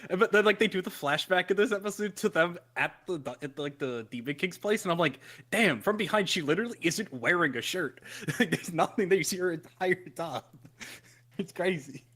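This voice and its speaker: A man's voice: sits high, a little fast, fairly bright tone. A man co-hosting a podcast, chatting in a laid-back way and laughing easily. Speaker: podcast co-host. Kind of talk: casual chat.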